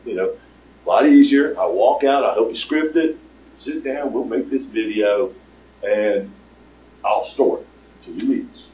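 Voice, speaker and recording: An older man giving a casual, rambling pitch to an audience, with lots of fillers. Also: moderate pace, pauses often, mellow, slight background noise. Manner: rambling storyteller with many fillers. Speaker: startup presenter. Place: meeting room with audience. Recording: roomy, distant room recording.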